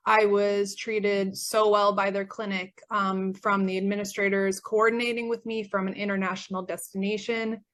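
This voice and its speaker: A woman's voice: medium pitch, a bit bright. A young woman from Canada sharing a personal patient testimonial, earnest and grateful, with frequent fillers, her voice getting worn. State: losing her voice. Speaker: former patient.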